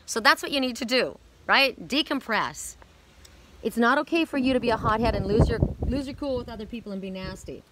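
A woman's voice: on the high side, lively intonation, a little fast, background noise. A woman giving a casual spiritual card reading outdoors, talking in a rambling, candid, chatty way. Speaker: oracle card reader.

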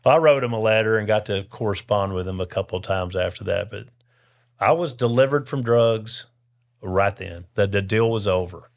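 A man's voice: lowish voice, normal speed. Older man telling his testimony. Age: 60s. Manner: lively storyteller who acts out the people he quotes. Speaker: podcast guest. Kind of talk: telling a personal faith testimony.

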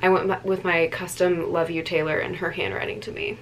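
A woman's voice: lowish voice, flat delivery, brisk, slight background noise, low-quality recording. A young woman chatting casually to camera in a vlog, tired, rambling with lots of ums and likes. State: tired late at night. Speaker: vlogger.

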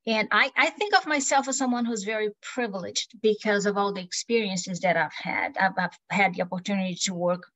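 A woman's voice: mid-range voice, a little fast, few pauses. A woman from Brazil with a Brazilian accent, giving an earnest webinar talk with many "you know" fillers. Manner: warm, earnest, with frequent fillers. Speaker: guest speaker. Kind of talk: webinar presentation.

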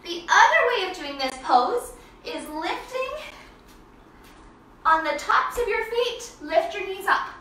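A woman leads children through yoga poses in a high, bright voice that is slow and sing-song. She cheers and makes playful animal sounds. She sounds a little way off the mic in a very echoey room. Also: expressive, recorded from a distance, slight background noise. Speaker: kids' yoga teacher.

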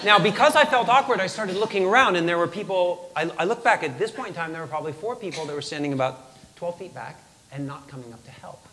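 A man giving a motivational talk on stage, telling a personal story in an animated, self-deprecating way and acting out his own lines. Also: high-pitched, fast, big-room sound, a little hiss or hum. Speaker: motivational speaker.

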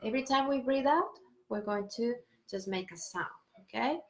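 A woman singing teacher gently guiding a vocal warm-up, step by step, with breathing cues and sung vowels. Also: fairly high pitch, lively intonation, normal speed, roomy sound, a little hiss or hum. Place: home room on a live stream.

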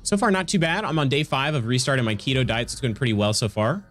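Congested and chatty, this gamer talks quickly in a medium-pitched, slightly bright voice. He laughs a lot and responds to his chat during a relaxed stream.

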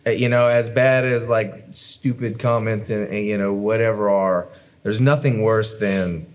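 A man co-hosting a casual church livestream, talking in a rambling, halting way. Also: on the low side, steady tone. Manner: rambling, halting, many fillers. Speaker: co-host.

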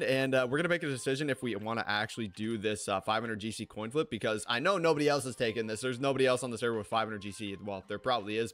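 A young man narrates his own gameplay at a rapid clip, hyped and full of slang. His voice sits at an ordinary middle pitch. He drops into nervous mutters, then bursts out loud. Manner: fast, hyped, swings between nervous muttering and shouting; slangy, says "bro" and "dude" often. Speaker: gaming YouTuber. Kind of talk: excited gameplay commentary.

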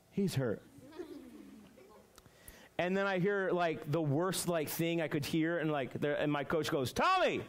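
A young man preaching to middle schoolers as a youth pastor, telling a story with lots of fillers and then turning to teaching. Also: a little high. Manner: animated storytelling, many fillers. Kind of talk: youth sermon with personal story.

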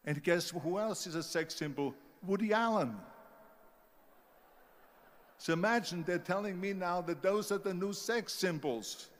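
A man's voice: high-pitched, moderate pace, few pauses, long reverb tail. An older man with a German-speaking Austrian accent, giving an emphatic motivational speech with stories. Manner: storytelling, emphatic, mimics doubters.

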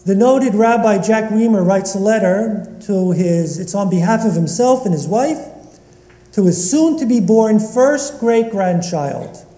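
A man giving a sermon as rabbi in a synagogue, asking slow, reflective rhetorical questions. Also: high voice, expressive, warm tone. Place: synagogue sanctuary. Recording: echoey long reverb of a large hall.

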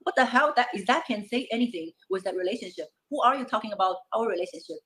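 A woman's voice: fairly high pitch, expressive, fast talker, fairly bright tone, rough recording. A woman guest talking heatedly and defensively, cutting in to tell her side. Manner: agitated, defensive, talks over others. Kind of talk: heated call-in talk.

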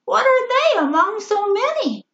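A man's voice: very high-pitched, extremely slow, fairly bright tone, exaggerated voice. A hesitant male disciple draws out each word in a raised voice, full of doubt, as a woman puts him on. The voice rings in a roomy space on a slightly dull recording. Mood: doubtful.

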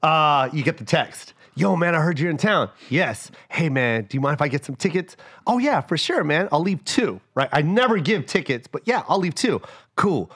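Lively animated male comedian. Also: a little high, moderate pace, slightly rough. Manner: animated storytelling, acts out exasperated voices with profanity. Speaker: comedian guest. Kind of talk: casual podcast chat.

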